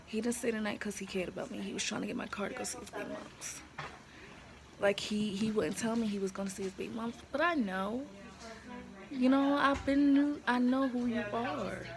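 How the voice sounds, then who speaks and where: Gravelly-voiced woman vlogging from a hospital room. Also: medium pitch, level tone, fast talker, crowd noise. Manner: frank, emotional, blunt and slangy. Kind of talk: candid personal storytelling to camera. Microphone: handheld phone camera. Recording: noisy room ambience.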